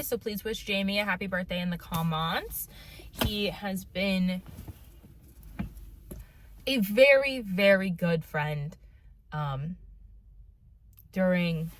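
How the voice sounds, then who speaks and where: A woman in her twenties chatting casually on a book vlog, gushing and repeating herself. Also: on the low side. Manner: gushing, repeats herself, says "dude" and "y'all". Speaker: book vlogger. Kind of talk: casual reading vlog chat. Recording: loud background noise, distant from mic.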